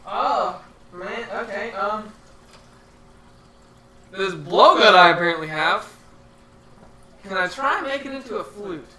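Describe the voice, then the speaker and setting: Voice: medium pitch, animated, takes it slowly, long pauses, bright, forceful tone. A player at a tabletop game session, talking in a laid-back, joking way. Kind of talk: casual tabletop play. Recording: echoey room, far from mic, noisy.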